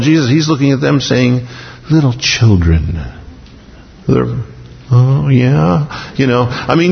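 A man preaching an expository sermon, telling the story vividly, his voice swinging up in excitement and dropping low and soft. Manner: animated storytelling, often rises then drops low and soft. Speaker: pastor. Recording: reverberant hall, dull lo-fi sound.

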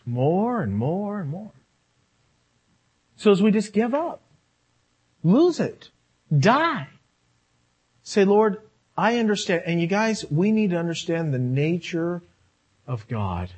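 Animated male preacher. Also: high-pitched, slow pace, pauses often, slightly rough. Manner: animated preaching, swings from loud to quiet; acts out quoted voices. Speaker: pastor. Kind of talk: sermon.

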